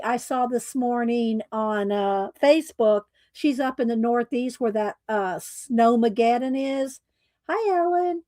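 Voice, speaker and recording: Woman livestream host, slow chatty delivery, slightly croaky, dry close mic. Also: a little high, a little mellow, no echo. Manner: slow, chatty, laughs often, Southern "y'all". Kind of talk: casual livestream chat greeting viewers.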